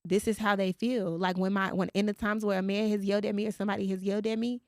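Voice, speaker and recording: A woman podcast host, telling a story in casual chat and quoting others in a lowered voice. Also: level tone, fast talker, no room sound, studio quality.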